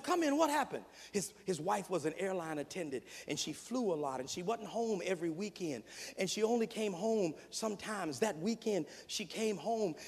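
A man preaching a sermon in a high voice that drops to near-whispers and then climbs into loud, ringing peaks. His words carry a long reverb from a large church sanctuary. He tells stories and acts out the people in them as he preaches. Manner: builds from quiet, low passages to loud, high-pitched preaching cries. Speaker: preacher, seminary dean.

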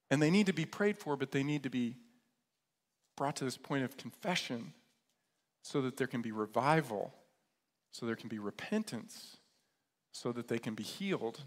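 Pastor, male, fairly high voice, lively casual storyteller preaching in a hall with long reverb. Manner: lively storytelling, retells scripture in casual modern terms. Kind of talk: sermon.

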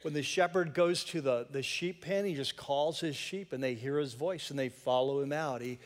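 A man's voice: on the high side, moderate pace. Male pastor, casual conversational sermon, lightly joking, church sanctuary echo. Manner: conversational, joking asides to the congregation. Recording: long reverb of a church hall.

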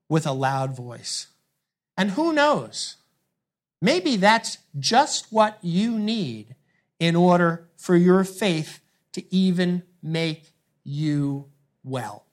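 A man's voice: high voice, very animated, takes it slowly. A male pastor preaching a sermon in an earnest way, putting rhetorical questions to his congregation.

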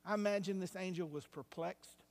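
A male pastor preaching a sermon, moving between hushed, quiet passages and loud, rising climaxes. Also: high voice, moderate pace. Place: church sanctuary. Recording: long hall reverb.

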